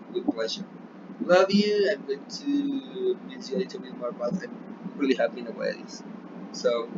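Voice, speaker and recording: A man with a Colombian Spanish accent, a native Spanish speaker, teaching an English lesson remotely and often checking in with "yeah?". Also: fairly high pitch. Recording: dull lo-fi recording with noticeable background noise.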